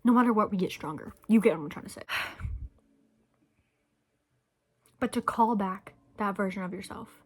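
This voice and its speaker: A woman's voice: mid-range voice, a little fast, breathy edge. A young woman speaks to camera in a loose, rambling monologue. She gets emotional and sometimes sinks to a near whisper, and she chews candy while she talks. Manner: chewing candy while talking. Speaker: vlogger. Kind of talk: casual reflective monologue.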